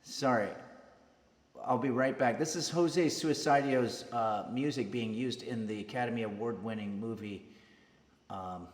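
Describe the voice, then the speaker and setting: A man hosting a cooking stream, chatting casually and hesitantly to viewers with many pauses and fillers. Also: mid-range voice, reverberant, in a large hall. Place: home kitchen streaming setup.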